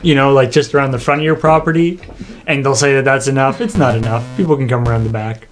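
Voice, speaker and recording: A man's voice: mid-range voice, steady tone, fast talker. Male co-host, mid-range voice, loose playful riffing, slight background noise. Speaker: stream co-host. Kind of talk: casual banter.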